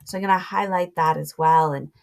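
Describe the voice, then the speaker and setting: A woman with a notably low voice walks students through a reading passage, slow and deliberate. She pauses now and then to mark up the text, and keyboard typing can be heard behind her. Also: fairly even intonation, vocal fry, a little mellow, a little hiss or hum. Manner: slow, deliberate teaching voice, pausing to annotate. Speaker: teacher.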